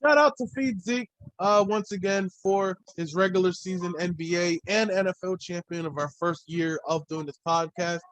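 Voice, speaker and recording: A man's voice: sits high, normal speed, hardly any pauses, fairly bright tone, no echo, low-quality recording. A man hosting a solo sports podcast, talking in a loose, rambling way and swearing freely. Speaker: podcast host.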